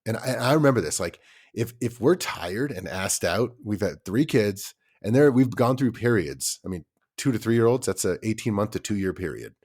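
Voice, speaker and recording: Speaking at a moderate pace in a low-leaning voice with a breathy edge, a podcast co-host in his thirties swaps casual stories. He's an animated storyteller who voices his kids' lines himself.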